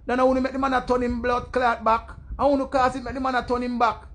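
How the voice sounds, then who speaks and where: A young man with a Jamaican accent ranting in loud, profane patois commentary and mimicking other people's voices. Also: extremely high pitch, level tone, fast talker.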